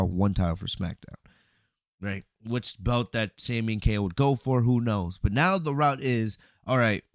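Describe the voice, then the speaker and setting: A man hosting a podcast, recapping a wrestling event in a casual, animated storytelling way, often asking "right?" and acting out lines. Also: fairly low pitch, no echo, studio quality. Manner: animated storytelling, acts out quotes, frequent "right?" and "you know". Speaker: podcast host reviewing wrestling. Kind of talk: casual solo review commentary.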